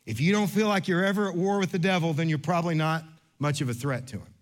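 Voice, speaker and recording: A man's voice: on the high side, fast. Storytelling man preaching a sermon. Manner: storytelling with lively quoted voices, rising to earnest emphasis. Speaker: pastor.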